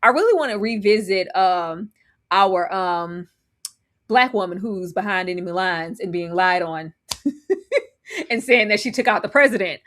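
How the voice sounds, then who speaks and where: A woman co-hosting a casual live TV recap, animated and laughing often as she acts out her reactions. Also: mid-range voice, measured pace. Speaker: co-host.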